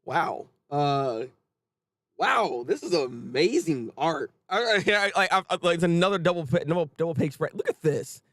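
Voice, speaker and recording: A man hosting a casual live manga reaction, chatty and animated, often restarting his sentences. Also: fairly high pitch, moderate pace, no room sound.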